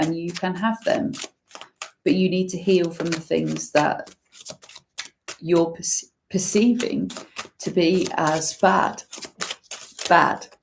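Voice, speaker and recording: A woman giving an intuitive tarot reading, musing slowly and using many fillers as she talks through the cards. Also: fairly low pitch, vocal fry, a little hiss or hum. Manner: slow, musing, full of fillers. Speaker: tarot reader.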